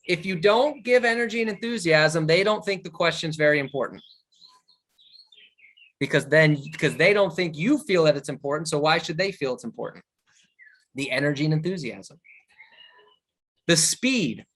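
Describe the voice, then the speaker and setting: Animated man running a sales training. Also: on the high side. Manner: animated, varies tone and speed to demonstrate questions. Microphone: video call.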